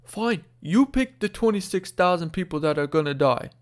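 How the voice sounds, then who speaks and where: A man putting on a blustery middle-aged male politician with an exaggerated New York accent, a bit higher and louder than his own voice. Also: lively intonation, moderate pace. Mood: indignant.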